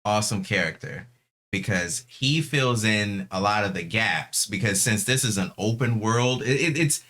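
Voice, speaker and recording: A man's voice: lowish voice, lively intonation, normal speed, bright, forceful tone. A man co-hosting a podcast in casual, enthusiastic chat. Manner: enthusiastic, agreeing interjections. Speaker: podcast co-host.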